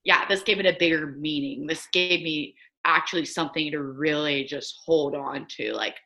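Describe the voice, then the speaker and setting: Bright-voiced young woman telling a story. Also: moderate pace. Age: 20s. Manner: animated, acts out quotes in a higher voice. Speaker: guest, drafted athlete. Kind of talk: casual storytelling.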